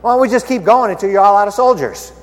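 A man's voice: high voice, lively intonation, fast talker, long reverb tail. A man preaching a casual, conversational sermon, playful and full of rhetorical questions, acting out the characters as he retells Bible stories.

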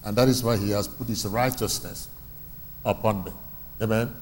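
A man's voice: on the low side, steady tone, moderate pace, slight background noise. A man preaching a sermon in a church hall. He asks the congregation questions and repeats his key phrases. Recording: long reverb from a hall, faint ambience.

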